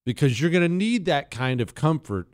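A man's voice: fairly high pitch, big pitch swings, moderate pace, no echo, clean studio sound. A man hosting a talk show, ranting in a sarcastic, exasperated monologue.

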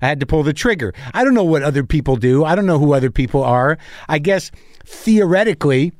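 A man's voice: on the high side, lively intonation, fast talker, a little mellow, no room sound, clean studio sound. A male podcast host and comedian in a casual, rambling monologue, his voice stuffy, scratchy and a little tired, swearing freely and joking at his own expense. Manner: profane, self-deprecating, loose.

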